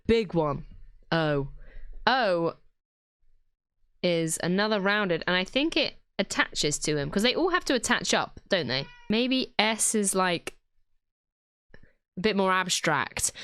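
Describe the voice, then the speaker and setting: A woman's voice: medium pitch, a bit bright, no echo, studio quality. A young British woman at home giving casual, self-mocking commentary while she draws, thinking aloud and giggling. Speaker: drawing video creator.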